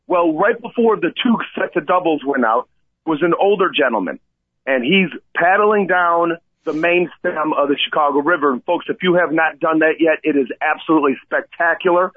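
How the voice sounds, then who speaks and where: A man co-hosting a talk radio show, telling a rescue story in an animated way and often asking "okay?". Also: fairly high pitch, moderate pace, dry recording. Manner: excitable, repeats "okay?" and addresses Coach. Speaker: radio co-host and kayak tour operator. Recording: tinny phone-line sound, dry.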